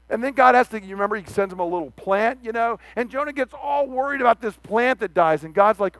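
A man preaching a sermon, animated, acting out the quoted speech of the figures he reads about. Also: very high voice, fast, hardly any pauses, no room sound.

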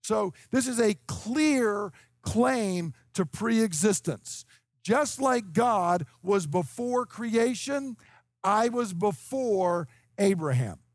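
A man in his fifties with a fairly high voice, recorded dry and close, preaching an expository sermon. He explains point by point and keeps asking his hearers "okay?". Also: animated, slow, no echo. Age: 50s. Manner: emphatic, explanatory, checks in with "okay?". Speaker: preacher teaching scripture.

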